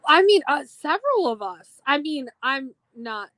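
A woman's voice: high voice, big pitch swings, measured pace, sharp tone. A woman from Minnesota chatting wryly as a podcast guest, laughing easily. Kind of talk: casual podcast chat.

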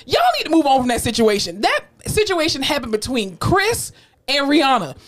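A high-pitched woman in her thirties talks in a casual podcast chat, her voice swinging widely up and down. She is opinionated and animated, with frequent swearing and laughter. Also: normal speed. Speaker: podcast co-host.

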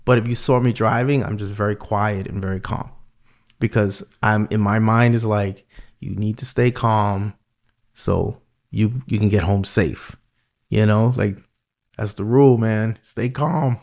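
Lowish-voiced man telling stories animatedly. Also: unhurried, vocal fry. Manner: animated storyteller, repeats words. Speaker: podcast host. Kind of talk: casual conversation.

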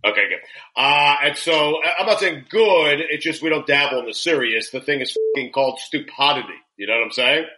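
Bright-voiced, animated male podcast host. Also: on the high side, brisk, rough recording. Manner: animated, laughing storyteller, swears freely. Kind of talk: casual comedic chat.

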